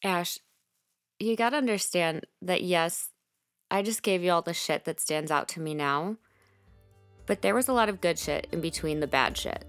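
A woman's voice: on the low side, normal speed, fairly bright tone, clear, resonant tone, faint music behind. A woman hosting a podcast, telling a personal story in a candid, emotional way with frequent swearing.

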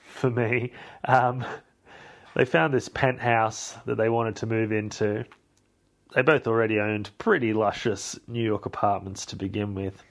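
Chatty man with a low voice. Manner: chatty, rambling, self-mocking. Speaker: podcast host. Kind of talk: casual chat recapping a film.

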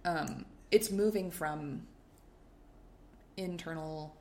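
A podcast co-host discussing a novel with enthusiasm, animated and eager, breaking into passages read aloud. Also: medium pitch, extremely slow. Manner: enthusiastic, animated, reads passages aloud, often trails into soft murmured reading.

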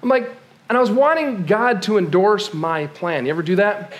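A male pastor with a notably high voice preaches in a conversational, personal way. He often stumbles over words and restarts his sentences as he talks. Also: moderate pace. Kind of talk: sermon.

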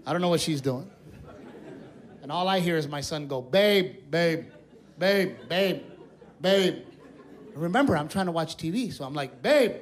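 A man doing stand-up comedy, telling a story with animated, punchy delivery. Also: a little high, fast. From Mexico. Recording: live room with a laughing crowd, noisy.

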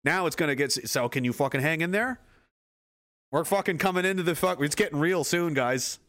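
A man's voice: on the high side, brisk, fairly bright tone. A man delivering a fierce, profane motivational rant, swearing freely and hammering his points with repetition.

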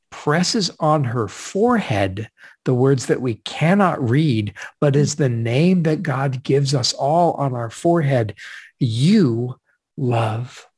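A man, a guest author and speaker, in an enthusiastic literary discussion, stressing his points and slowing down to read quotations with weight. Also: medium pitch, breathy edge.

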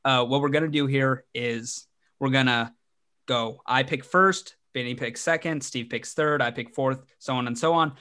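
A man hosting a casual sports podcast, talking in an energetic, joking, rambling way with restarts. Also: medium pitch, moderate pace, smooth. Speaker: podcast host.

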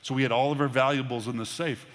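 A male pastor preaching a sermon to a church congregation, emphatic and repetitive, often slowing down to stress words. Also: medium pitch, fairly even intonation, fairly bright tone. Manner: emphatic preaching, repeats phrases, varied pace. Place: church auditorium. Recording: long reverb of a large hall.

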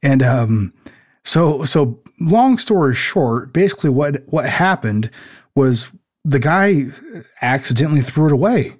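A man's voice: medium pitch, animated, measured pace. A man in casual podcast conversation, rambling with lots of "like" and "you know" and some swearing.

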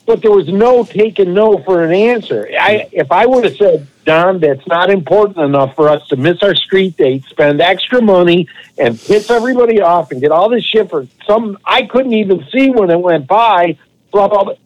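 A man co-hosting a podcast, telling a long, animated, profane anecdote in a casual way. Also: sits high, moderate pace, dull audio. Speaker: podcast co-host. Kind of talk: casual storytelling.

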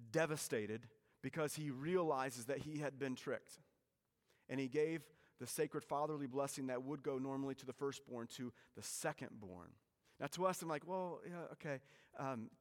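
A man preaching a sermon, telling the story with lively energy and dropping to a hushed voice at times. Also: medium pitch. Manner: animated storytelling preacher, swings from loud to hushed. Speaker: pastor. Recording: reverberant hall.

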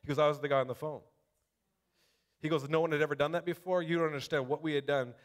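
High-voiced animated male preacher. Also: fast. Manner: animated, conversational, addresses congregation directly; reads scripture aloud with rising emphasis. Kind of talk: sermon.

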